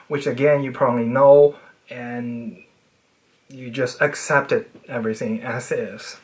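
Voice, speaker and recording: In a casual educational monologue about language, a speaker explains things in a playful, nerdy way, swinging widely in pitch and letting the ends of phrases trail off quietly.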